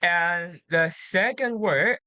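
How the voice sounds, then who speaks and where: A woman tutoring English pronunciation, patiently drilling words slowly and repeating them. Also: on the low side, pushed and bright, dry recording. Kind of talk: one-on-one pronunciation coaching.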